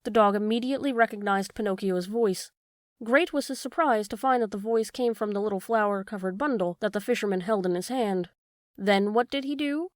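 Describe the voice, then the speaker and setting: A woman narrating a classic children's storybook with a steady, expressive delivery. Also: medium pitch, fairly quick, dry recording, studio quality. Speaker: audiobook narrator. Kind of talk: storybook reading.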